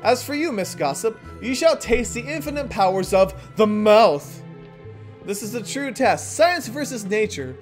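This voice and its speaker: A haughty villainous professor and inventor, as a gamer puts him on, speaking in a lowered, pompous voice that swings through a lively range. Faint game music plays underneath. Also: unhurried. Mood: menacing. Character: smug scheming male professor inventor, villain. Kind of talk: reading game dialogue aloud.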